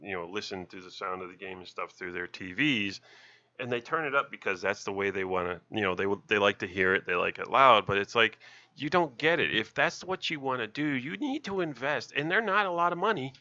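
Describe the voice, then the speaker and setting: A man's voice: fairly low pitch, expressive, fairly quick, pushed and bright, muffled recording. A man co-hosting a gaming podcast in casual chat, opinionated and explaining at length. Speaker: podcast co-host.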